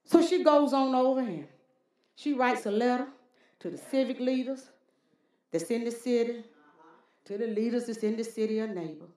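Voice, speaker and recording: A woman preacher delivering a folksy, animated sermon with call-and-response, in a church. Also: fairly high pitch, normal speed, pauses often. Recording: roomy church hall echo.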